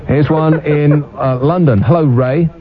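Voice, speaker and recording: A man hosting a late-night radio phone-in, teasing his callers and co-host with quick jokes. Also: on the high side, background noise. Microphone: studio microphone. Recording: dull radio broadcast sound.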